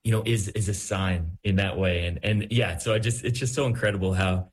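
Male priest guest, lowish voice, gentle and searching. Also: fairly even intonation, a little fast. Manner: gentle, searching, many restarts. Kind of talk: reflective talk show commentary.

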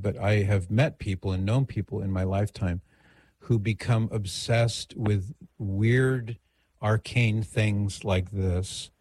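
A man's voice: fairly low pitch, darkish tone, dry recording. A middle-aged man hosting a radio call-in show, giving advice in a conversational, digressive way.

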